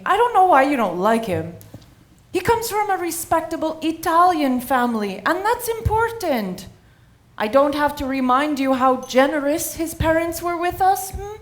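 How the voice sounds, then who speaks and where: Woman doing a scottish-accented mom, affectionate, lots of laughing, high lively voice. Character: Scottish-born Italian mother, fond and soothing. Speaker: mother. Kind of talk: stage play acting.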